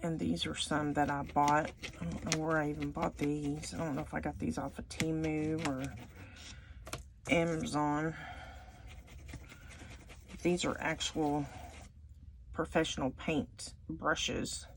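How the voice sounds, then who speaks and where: A middle-aged woman, chatting casually through a home craft tutorial as she rambles and thinks out loud. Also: low-pitched, level tone, takes it slowly, vocal fry, pauses often. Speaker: resin art channel host. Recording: noisy home recording.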